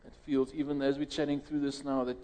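South African preacher in a reverberant hall. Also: male voice, medium pitch, level tone, fast talker, dark tone. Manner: conversational, restarts phrases, rises sharply when quoting others. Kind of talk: sermon with closing prayer.

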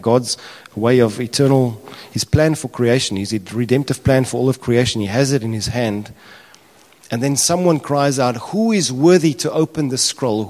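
A man preaching a sermon, talking casually to his congregation and building to impassioned, near-shouted questions. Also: medium pitch. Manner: conversational asides to the congregation.

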